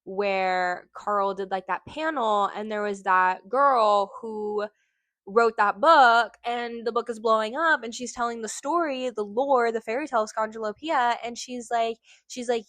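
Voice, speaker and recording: A woman's voice: fairly high pitch, unhurried, a bit bright, no echo. A woman chatting casually about a book she loves, gushing and drifting onto tangents, swearing now and then. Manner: gushing, rambling, goes on tangents. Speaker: book vlogger. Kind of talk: casual book review chat.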